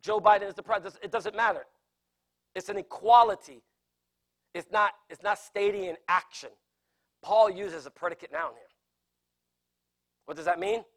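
A pastor preaches a sermon, earnestly explaining scripture and repeating phrases for emphasis. His voice sits high and a bit bright, moving at a moderate pace with long pauses.

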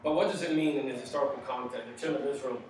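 Animated pastor preaching in an echoey hall. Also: male voice, medium pitch, rapid-fire, a little hiss or hum. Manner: animated, jokey, emphatic with sudden loud bursts. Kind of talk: sermon. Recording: echoey hall, distant mic.

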